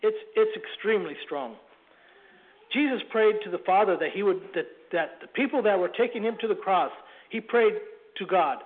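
A man giving a sermon, telling stories in a halting way, often repeating words and clearing his throat. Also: sits high, lively intonation. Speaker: preacher. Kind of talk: sermon storytelling. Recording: tinny phone-like line.

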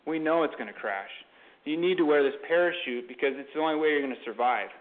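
A man's voice: quick pace, close to an everyday voice. A man voicing a cheerful female flight attendant who talks passengers into wearing a parachute. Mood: urgent. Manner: friendly sales-pitch persuasion. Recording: tinny phone-like sound.

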